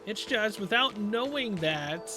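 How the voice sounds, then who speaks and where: A man's voice: sits high, animated, slow. A young man doing let's play commentary, ranting in exasperation and mocking a puzzle sarcastically. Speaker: gamer playing through a story game. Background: game music.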